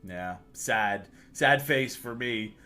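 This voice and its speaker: A man narrating as game master for a tabletop game on a livestream, quick and often laughing, with some stumbles. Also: mid-range voice, bright, forceful tone, faint music behind.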